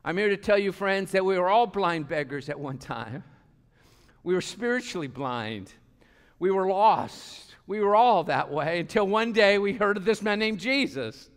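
Pastor guy preaching w passion, high voice, big echoey church. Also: animated, moderate pace. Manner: passionate, rising to calls and dropping to quiet asides. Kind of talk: sermon. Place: church sanctuary. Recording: long hall reverb.

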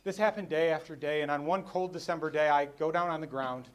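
A middle-aged man giving a personal storytelling speech at a luncheon, dropping quiet for the sad parts. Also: a little high, brisk, clean tone. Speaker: keynote speaker at a luncheon. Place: banquet hall.

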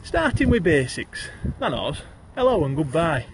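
A man's voice: a little high, sing-song, unhurried, noisy background. A man with a broad Yorkshire accent reciting comic rhyming verse, addressing the listener as thee. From Yorkshire, England.

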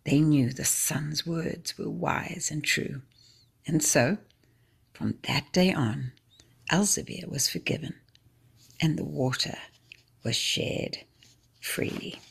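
A woman reads a story aloud at a church service with a low, gravelly voice. Her tone is very husky, and she paces each sentence with measured, expressive care.

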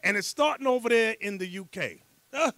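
A man leading a scripture class as bishop, preaching fiery and loud, breaking into rants and shouts. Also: sits high, lively intonation, moderate pace, dry recording. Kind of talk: sermon with rant and teaching.

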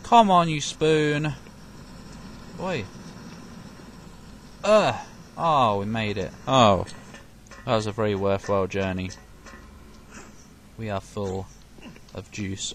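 Lively man narrating gameplay. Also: lowish voice, slow, creaky, pauses often. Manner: sarcastic, talks to enemies, swears and yelps when hit. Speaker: gaming commentator. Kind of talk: let's play commentary. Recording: noisy game background.

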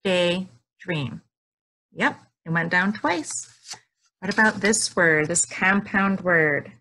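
Slow, sing-song woman teacher. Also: mid-range voice, animated, bright, forceful tone, slight background noise. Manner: slow, drawn-out words with sing-song prompts. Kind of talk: home video lesson for young children. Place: living room at home.

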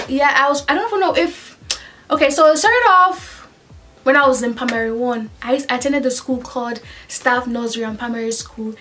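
A young woman from Nigeria telling a personal story in a casual vlog, chatty and animated, jumping between asides. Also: sits high.

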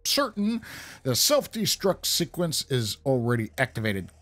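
A man voicing a dying, infected male prisoner officer in a game, reading his lines in a hurried, urgent way. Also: medium pitch, big pitch swings, fairly bright tone. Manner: hurried, urgent read-aloud.

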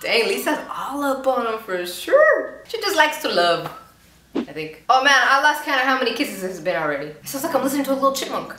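Her high voice swings widely in pitch, fairly quick and pushed bright, as she hosts a YouTube reaction video. The young woman chats and giggles, putting on playful voices for the people she watches, and the room is echoey with a little noise.

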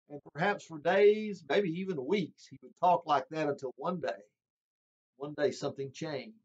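An earnest male preacher delivering a sermon with emphasis, his voice husky and a little higher than most men's. He speaks straight to his listeners as friends, and the recording sounds dull and lo-fi. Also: normal speed, a little mellow.

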